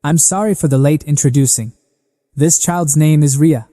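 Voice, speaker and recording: A man's voice: fairly high pitch, moderate pace, mellow, big-room sound, lightly acted. A man voicing a stern, powerful duke who is a protective father.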